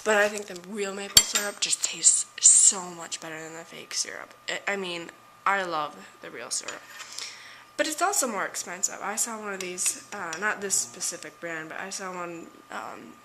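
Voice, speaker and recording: A woman's voice: mid-range voice, moderate pace, noisy background. A young woman vlogging at home, chatting to camera, ranting and laughing about an embarrassing day. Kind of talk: casual chat to camera. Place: at home indoors.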